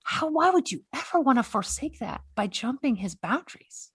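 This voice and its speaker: Earnest husky-voiced woman host. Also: high-pitched, very animated, moderate pace, no echo. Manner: earnest, repeats words, exhorting. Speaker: podcast host. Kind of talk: faith-based conversation.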